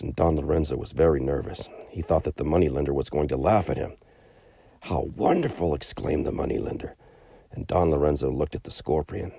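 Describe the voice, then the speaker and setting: A man reading a children's story aloud in a calm narrating voice, raising his pitch for the quoted characters. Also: creaky, breathy edge, no echo.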